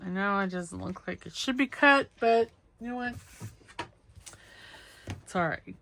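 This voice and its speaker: A woman's voice: medium pitch, measured pace, vocal fry, fairly bright tone, dry recording. A middle-aged woman hosting a crafting video, chatting casually and poking fun at herself as she cuts, sews and inks. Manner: chatty, self-deprecating, talks to herself while working. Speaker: craft channel host. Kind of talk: casual crafting vlog talk.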